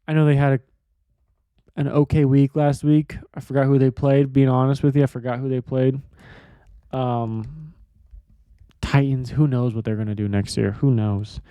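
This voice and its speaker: A man's voice: mid-range voice, warm tone, no room sound, studio quality. A man hosting a sports podcast, giving casual, profane, rambling betting picks.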